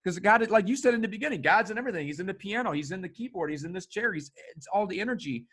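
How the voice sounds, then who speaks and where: Brief: higher-pitched middle-aged male host, emphatic, animated, salty language. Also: very fast, husky. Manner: animated, emphatic, swears freely. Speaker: podcast host. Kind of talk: casual conversation.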